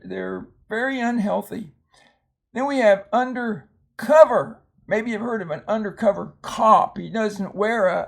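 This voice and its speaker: An older man gives a phonics lesson, explaining words slowly and patiently. His voice is quite high for a man and very gravelly, full of creak. He pauses often with ums and restarts. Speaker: reading tutor.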